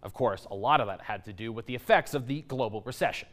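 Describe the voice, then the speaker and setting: A man delivering a news report, reading a measured, clear explainer. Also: medium pitch, fairly bright tone, faint music behind.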